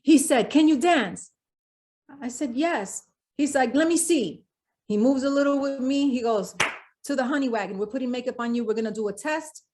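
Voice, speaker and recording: Animated New woman telling stories. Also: high voice, brisk. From South Bronx, New York. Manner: lively storyteller, acts out quoted dialogue. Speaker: guest, singer and actress. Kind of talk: podcast interview storytelling.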